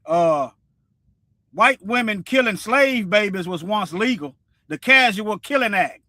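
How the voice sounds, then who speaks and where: Brief: male stream host, preachy and repetitive, sharp high voice. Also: a little slow, no room sound, clean studio sound. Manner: preachy, repeats himself, animated. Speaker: livestream host. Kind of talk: casual commentary livestream.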